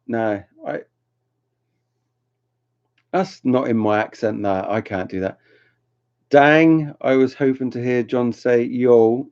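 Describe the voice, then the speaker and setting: His voice is mid-range, expressive, and slightly mellow, and he talks slowly with plenty of pauses. As host of a laid-back livestream, he reads chat, teases viewers, and rambles along with frequent laughter. The sound is dull lo-fi home stream audio.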